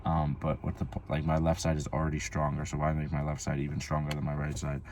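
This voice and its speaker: Deep-voiced guy vlogging, rambly and swearing a lot, says like constantly. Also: monotone, quick pace, a little mellow, a little hiss or hum. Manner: rambling, profane, lots of "like" fillers. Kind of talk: casual storytelling vlog.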